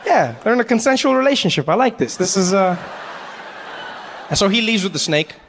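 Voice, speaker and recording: Animated male stand-up comedian. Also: high-pitched, brisk, long reverb tail, slight background noise. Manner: animated, acts out voices, laughs through lines. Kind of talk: stand-up storytelling.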